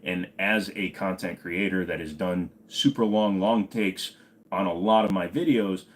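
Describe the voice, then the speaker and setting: A man's voice: low-pitched, a little hiss or hum. A man hosting an unscripted live stream, chatting and joking casually, greeting viewers by name and rambling on. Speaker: livestream host of a gun channel.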